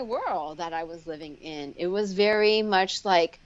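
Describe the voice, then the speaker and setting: A woman speech pathologist telling her personal story candidly as a guest in a live online interview, with lots of fillers and restarts, jumping high when she acts out what others said. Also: dull audio. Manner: animated, acts out quoted voices with sharp upward leaps and laughter; frequent fillers and restarts, slows down on heavy moments. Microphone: video call.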